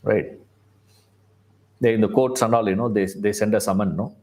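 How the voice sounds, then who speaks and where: A man's voice: lowish voice, fairly even intonation, moderate pace, darkish tone. A man, a spiritual teacher telling a story conversationally, often checking in with listeners. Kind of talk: storytelling talk.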